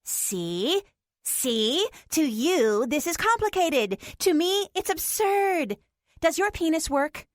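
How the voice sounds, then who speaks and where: A bubbly, outspoken young pixie girl, as a woman reading an audiobook puts her on, her voice sitting a touch high and recorded dry and close. She talks with blunt, playful cheer. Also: lively intonation, measured pace, fairly bright tone, no room sound. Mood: animated. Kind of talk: audiobook character voice.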